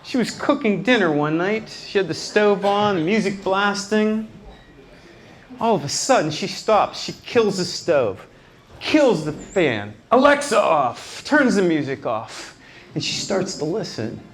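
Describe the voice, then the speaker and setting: A man's voice: high-pitched, measured pace, slight background noise. A man doing a stand-up comedy set in a night club, acting out quotes with lots of energy. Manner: animated, acts out quotes. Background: laughing crowd.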